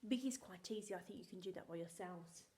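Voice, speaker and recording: A woman's voice: on the low side, fast talker, darkish tone. A woman teaching a phonics lesson to young children, sounding out letters and often dropping to a whisper. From England. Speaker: primary school teacher.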